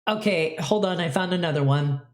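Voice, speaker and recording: Low voiced woman on a podcast, rambly, says like a lot. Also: fairly quick, a little mellow. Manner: rambling, heavy on "like", dramatic readings of messages. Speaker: podcast co-host. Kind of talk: casual chat.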